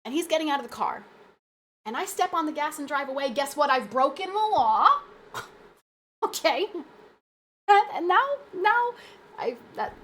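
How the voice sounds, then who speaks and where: A woman's voice: high voice, lively intonation, normal speed, pauses often, slight background noise. A woman hosting a live stream, talking casually and emphatically with viewers, laughing often and restarting her sentences. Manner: chatty, full of restarts and asides to chat. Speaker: livestream host.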